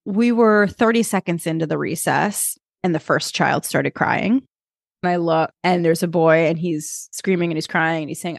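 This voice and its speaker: A woman in her thirties, co-hosting a podcast and telling a lively story in a casual chat. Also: lowish voice, normal speed, vocal fry, no room sound, studio quality. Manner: animated storyteller, acts out kids and herself. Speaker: podcast co-host.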